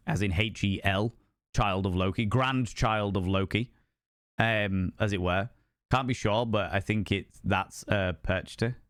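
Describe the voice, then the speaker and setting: A man's voice: lowish voice, clean tone, dry recording, studio quality. A young man chatting live with his stream viewers in a playful, theatrical way, swinging between musing and flamboyant greetings. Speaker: streamer host. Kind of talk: casual live-stream chat.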